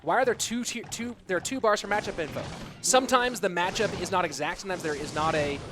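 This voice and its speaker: A man's voice: high-pitched, fast, noisy background. A young man casting a live esports stream, calling the plays and chatting with viewers. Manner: lively play-by-play, chatting with viewers. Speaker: esports caster. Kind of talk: live stream game commentary.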